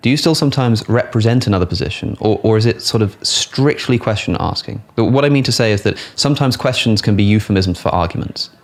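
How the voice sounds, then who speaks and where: British man, hesitant and low. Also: animated, fast, vocal fry, hardly any pauses. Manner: hesitant, polite, many restarts. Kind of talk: careful conversational questioning.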